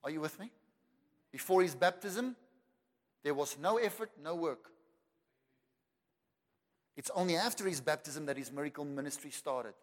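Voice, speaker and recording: Emphatic South African preacher, high voice. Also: male voice, expressive, moderate pace, long pauses. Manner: emphatic, repeats words for effect, rises to loud declarations. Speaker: pastor. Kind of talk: sermon. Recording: long reverb of a large hall.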